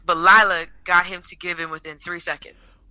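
Bright-toned woman, teasing podcast co-host. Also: on the low side, flat delivery, normal speed, no echo, rough recording. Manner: teasing, blunt, curses casually. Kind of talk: casual chat.

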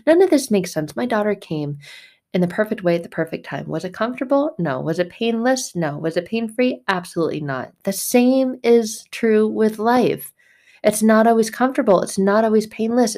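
A woman's voice: mid-range voice, moderate pace, a little mellow. A woman giving a casual spiritual monologue, speaking emphatically and bluntly, with repetitive phrasing. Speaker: faith vlogger.

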